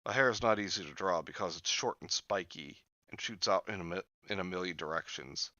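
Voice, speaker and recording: A man with a fairly low but bright, lively voice reads a horror story aloud and breaks off for jokey asides. The recording is dry and a little dull, like a lo-fi home mic. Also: fairly quick, dry recording. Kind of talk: storybook reading mixed with joking commentary.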